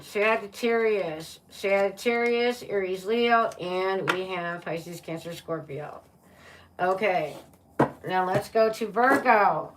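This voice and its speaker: A woman's voice: medium pitch, fairly bright tone, distant mic, slight background noise. A woman giving a casual live-streamed tarot reading, chatty and playful, often laughing and calling her viewers "my love" and "baby". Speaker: tarot reader.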